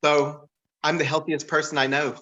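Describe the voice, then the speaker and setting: A man doing stand-up comedy who laughs at his own jokes and rambles with lots of fillers, jumping way up in pitch when he quotes people. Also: level tone, normal speed, sharp tone, muffled recording. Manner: jumps to a much higher pitch to act out quoted people. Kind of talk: live-streamed stand-up comedy.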